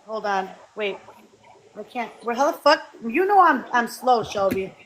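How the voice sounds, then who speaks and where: A woman hosting a livestream, talking in a heated, animated way to her viewers and swearing freely. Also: fairly high pitch, unhurried, a crowd in the background. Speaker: livestream host. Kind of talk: heated casual livestream talk.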